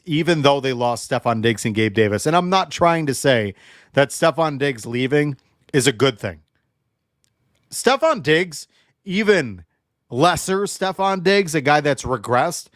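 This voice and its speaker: A man's voice: mid-range voice, dry recording, clean studio sound. A young adult man hosting a livestream football show, emotionally charged and ranting while joking with his chat. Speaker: sports show host.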